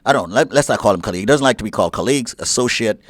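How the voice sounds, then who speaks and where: A man co-hosting a live radio talk show, teasing his partner in a lively way. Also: fairly low pitch, very fast, dry recording. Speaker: radio co-host.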